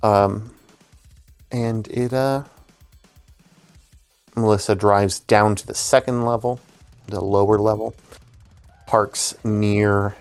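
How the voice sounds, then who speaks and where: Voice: mid-range voice, steady tone, slow pace, pauses often, darkish tone, faint music behind. A game master narrating a tabletop role-playing game over voice chat, hesitant and full of fillers.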